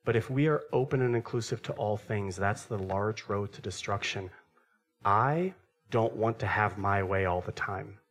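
A male pastor preaching a sermon to his church, swinging between animated, raised passages and hushed, quiet ones. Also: fairly low pitch, normal speed.

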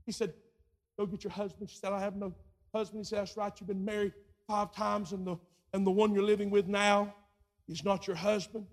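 High-voiced preacher, quiet to shouting. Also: male voice, level tone, fairly quick. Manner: acts out voices in his retelling. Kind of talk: sermon.

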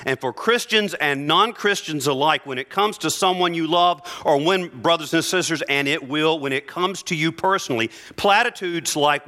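A middle-aged man preaches a sermon from the altar of a church. His voice is bright and forward, moving from quiet, heavy sorrow to strong, insistent proclamation, with a conversational, heartfelt manner. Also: moderate pace, few pauses. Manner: earnest, heartfelt preaching that drops soft and low in grief and rises emphatic. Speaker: priest.

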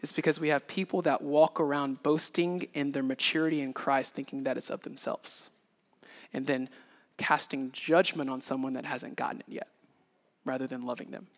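A man in his thirties preaching a sermon in an animated way, acting out little scenes with sound effects. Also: mid-range voice, moderate pace. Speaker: pastor. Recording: reverberant hall.

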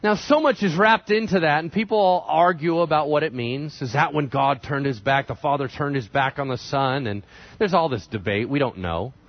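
A man preaching a sermon, retelling scripture with animated storytelling and conversational asides. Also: fairly high pitch, moderate pace, no echo. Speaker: pastor. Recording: dry, slightly dull sound.

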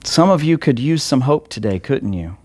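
A man preaching an online sermon as a pastor. He speaks earnestly and emphatically, asks listeners direct questions and repeats key words with long pauses. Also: on the high side, a little mellow.

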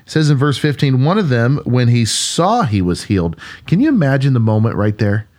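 A man's voice: medium pitch, very animated, a little fast, darkish tone. A man, a pastor co-hosting a podcast, retelling a Bible story in an earnest, musing conversational way, with frequent restarts.

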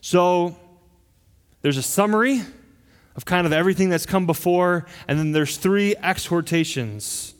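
A middle-aged man preaches with earnest emphasis, pressing his points and often restarting a phrase. His voice sits a little high for a man. It rings with a long reverb through a church hall. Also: expressive, a little slow. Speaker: pastor. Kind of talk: sermon.

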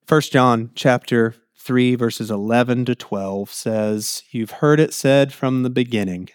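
A man preaching a sermon in an animated way, acting out the quotes in his text and laughing easily. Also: medium pitch, slow, few pauses, clear, resonant tone, dry recording, studio quality. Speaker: pastor.

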